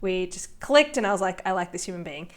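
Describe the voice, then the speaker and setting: A woman's voice: fairly low pitch, expressive, fairly quick. Playful Australian woman podcast host. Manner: playful, theatrical, jumps between loud and soft. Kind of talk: casual podcast chat.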